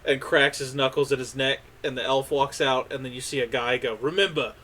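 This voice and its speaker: A man's voice: medium pitch, level tone, sharp tone. A man running a tabletop game as game master, describing scenes and calling checks. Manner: descriptive, brisk asides. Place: home streaming setup.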